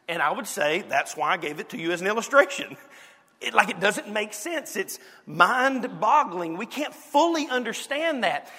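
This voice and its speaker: A man with a Southern accent preaching a lively, playful sermon, dropping suddenly to quiet moments. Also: high voice, in a large hall. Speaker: pastor.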